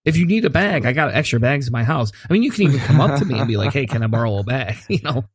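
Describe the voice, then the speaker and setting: A man's voice: a little high, very animated, rapid-fire, slightly rough, no room sound, studio quality. Easygoing man chatting on a podcast. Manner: easygoing, chatty, drifting into asides. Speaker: podcast co-host. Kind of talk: casual chat.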